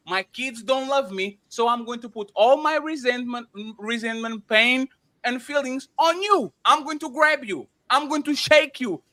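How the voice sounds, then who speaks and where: A man's voice: very high voice, sharp tone. A man hosting a podcast, arguing emphatically in a heated debate, interrupting and repeating himself.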